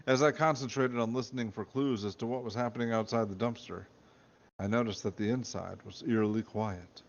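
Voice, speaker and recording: A man's voice: mid-range voice, steady tone, a little fast, creaky. A man reading his own comic book aloud and chatting on a podcast, jokey and self-amused. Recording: dull lo-fi recording.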